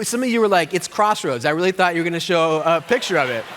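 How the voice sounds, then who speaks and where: A middle-aged pastor preaches fast in a high voice, with hardly any pauses, against a noisy background. He's an animated storyteller, full of jokes and playful put-on voices, and the church hall lends a long reverb.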